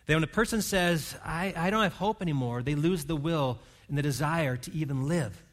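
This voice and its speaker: Speaking at a moderate pace in a slightly high voice, a man preaches to his congregation in a church hall. As their pastor, he sounds earnest and caring while he guides them through prayer and reading.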